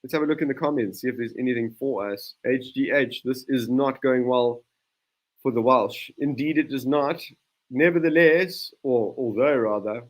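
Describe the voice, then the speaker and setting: A man commentating a rugby match live for a watchalong stream, calling play-by-play with frequent restarts and sudden bursts of excitement. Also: mid-range voice. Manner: brisk play-by-play with frequent restarts, surges of excitement at big plays.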